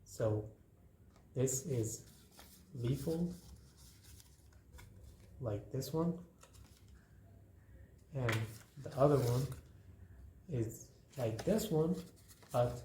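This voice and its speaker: A man hosting a craft tutorial, talking casually and repeating himself as he folds paper. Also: medium pitch. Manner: relaxed, repetitive, talking while folding paper. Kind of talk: hands-on craft demonstration. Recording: roomy echo, faint noise.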